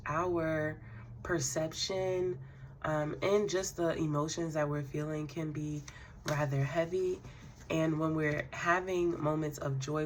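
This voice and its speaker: This tarot card reader gives a spiritual reading, addressing the listener directly in a relaxed, affirming manner with fillers and soft laughs. Her voice is low-pitched, and a faint hiss or hum sits under the recording.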